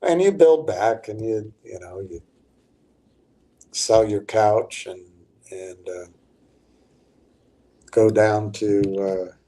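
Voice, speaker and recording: An older man hosting a livestream, rambling through stock-market commentary with halting restarts while he talks to his chat viewers. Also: lowish voice, dark tone.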